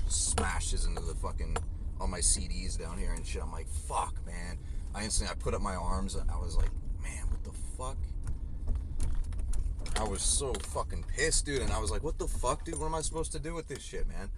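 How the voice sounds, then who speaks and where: A man's voice: low voice, background noise. A delivery driver venting in a loose, rambling way full of swearing, recorded on a phone inside his car. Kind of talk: casual ranting vlog.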